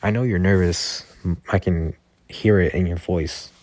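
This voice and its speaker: A man voicing a calm, persuasive male head of a school and defense force, in a low-key, hesitant way with many fillers. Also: a little slow, no echo. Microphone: Discord voice chat.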